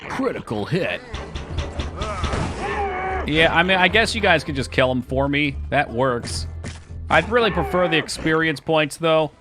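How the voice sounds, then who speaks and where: A man streaming a game live, chatting casually and excitably, joking and swearing often. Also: on the high side, unhurried, pauses often, over music.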